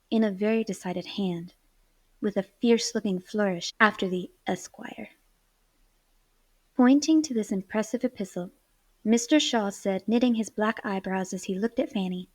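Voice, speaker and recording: A woman narrating a classic novel aloud in an even, measured storytelling manner. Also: mid-range voice, dry recording. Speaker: audiobook narrator. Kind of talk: scripted narration.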